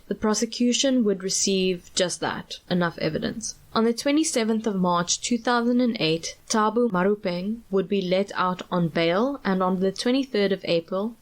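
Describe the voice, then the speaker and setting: A South African woman co-hosting a podcast, telling a true-crime story in a chatty way and laughing often as she goes. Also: mid-range voice. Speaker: podcast co-host.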